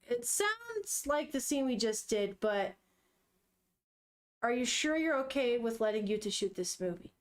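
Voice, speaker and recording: A woman's voice: on the high side, big pitch swings, unhurried. A woman voicing a young girl who is making a film, speaking in a plain, matter-of-fact way. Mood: calm.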